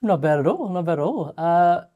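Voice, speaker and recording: A man's voice: high-pitched, animated, normal speed, phone-quality sound. A man hosting a podcast, chatting in an easygoing, agreeable way. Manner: chatty, laughs easily, agreeable. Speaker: podcast host. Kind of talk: casual podcast chat.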